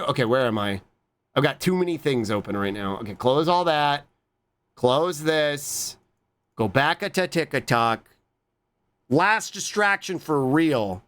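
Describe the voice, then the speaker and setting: Casual live streamer, unhurried and lively in pitch, swears easily, thanks viewers, jumps to squeals. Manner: playful, swears casually, reads chat aloud and thanks viewers; jumps to squeaky high exclamations. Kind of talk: casual live-stream chat reacting to clips.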